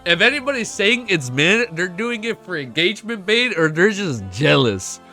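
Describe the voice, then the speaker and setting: A young man live-streaming a reaction, reading a novel aloud and chatting excitedly, swearing a lot, with a stuffy nose and close to tears. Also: sits high, normal speed, faint music behind.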